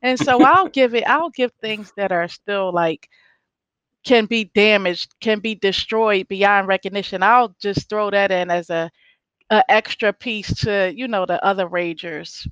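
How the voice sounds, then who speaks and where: A middle-aged woman, a rage room owner, talking as a guest in an interview, lively and laughing often as she acts out her customers. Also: medium pitch, a little slow, smooth, no echo, highs cut off.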